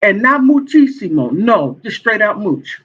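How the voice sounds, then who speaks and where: A man giving sassy, animated gossip commentary as a vlogger, laughing often. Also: high-pitched, a little slow, slightly rough. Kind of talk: casual commentary. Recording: dull lo-fi sound.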